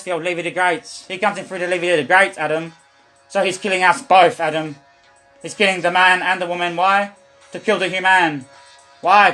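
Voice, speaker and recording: A man's voice: high-pitched, sharp tone. A man streaming a rambling, repetitive religious monologue, preachy and full of profanity.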